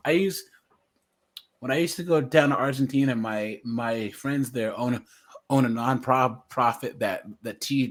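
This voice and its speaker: A man hosting a casual livestream commentary, chatty and laughing often, jumping into high mimicking voices.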